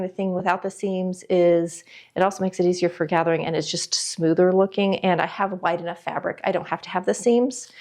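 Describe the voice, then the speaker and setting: A woman's voice: medium pitch, darkish tone. A woman talking casually through a sewing project, thinking aloud and weighing choices with frequent ums. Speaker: sewing vlogger. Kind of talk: casual sewing tutorial talk. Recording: echoey room.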